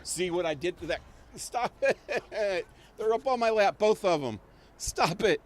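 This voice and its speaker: A man with a high, expressive voice livestreams a video game from a small home, commenting casually at a measured pace. He laughs often and swears in passing as he plays.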